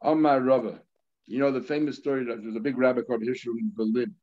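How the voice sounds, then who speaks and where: A man's voice: mid-range voice, steady tone, fast. A male rabbi giving a Talmud lesson, explaining terms step by step in a conversational way. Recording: slightly dull lo-fi audio.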